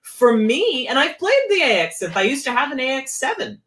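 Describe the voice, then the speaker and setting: A woman keytar player in casual chat, talking with animated, swooping emphasis. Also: sits high, moderate pace, slight background noise.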